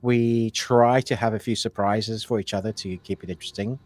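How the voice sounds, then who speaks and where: Man, co-host, casual live-stream chat, rambling, lowish voice, dry mic. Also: fairly even intonation, a little fast, dry recording. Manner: rambling, filler-heavy, self-correcting. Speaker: co-host of a live movie show.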